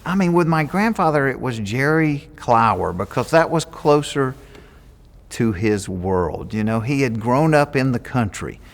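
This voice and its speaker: Southern US comedian in an interview, lively pitch, reverberant room. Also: male voice, unhurried. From Georgia, US. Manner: animated, jokey, acts out quotes. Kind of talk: interview storytelling.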